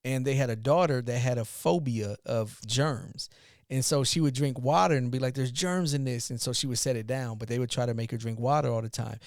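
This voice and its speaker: Mid-pitched guy telling a long story on a podcast, animated, dry sound. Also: a little fast, no room sound. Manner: animated storyteller, retells scenes with restarts. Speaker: podcast co-host, father, youth mentor. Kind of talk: casual storytelling.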